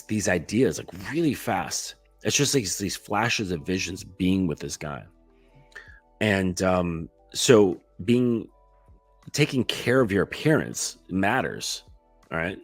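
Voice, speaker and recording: A man's voice: fairly low pitch, animated, slow pace, dry recording, faint music behind. A man coaching other men on dating in a blunt, profane, casual monologue, padded with lots of "like". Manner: blunt, profane, heavy use of "like".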